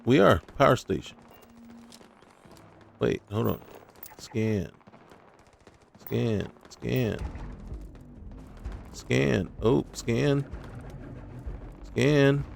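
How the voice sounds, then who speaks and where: A man's voice: mid-range voice, drawn-out words, creaky, pauses often, slight background noise. A man giving casual gameplay commentary, talking to himself and scolding enemies in mock indignation. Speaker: gaming YouTuber.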